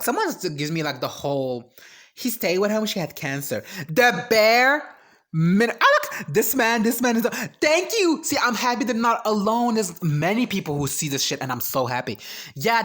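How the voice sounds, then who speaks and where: A vlogger giving an animated, exasperated reaction rant, sarcastic and emphatic, breaking into high shrieks. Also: moderate pace. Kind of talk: ranting reaction commentary.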